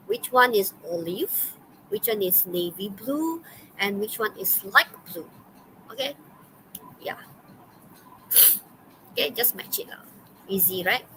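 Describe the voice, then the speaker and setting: A woman's mid-range, sharp-toned voice comes through poor audio with faint noise below it as she teaches an online English class. She has a Malaysian English accent and keeps it loose and chatty, with frequent laughs, okays and fillers.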